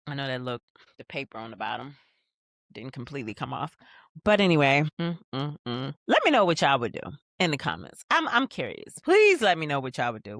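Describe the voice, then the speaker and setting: In a casual rewatch recap of a TV episode, a podcast host talks directly to viewers, reading scene lines between asides. The voice is medium in pitch and a bit bright, with studio-quality sound and no echo.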